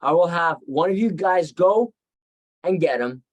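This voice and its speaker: A man's voice: fairly high pitch, animated, unhurried. A man voicing an ancient male ruler, stern yet guilt-stricken, giving firm, weighty commands. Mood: demanding.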